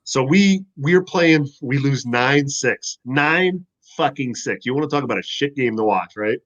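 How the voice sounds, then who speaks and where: A man, a former football player, telling stories in a casual podcast chat, animated and profane. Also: mid-range voice, a little slow, lo-fi sound.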